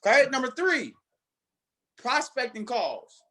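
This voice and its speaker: A man's voice: very high-pitched, big pitch swings, takes it slowly, a bit bright. A man leading a network marketing team, giving a motivational talk with emphatic, preacher-like repetition.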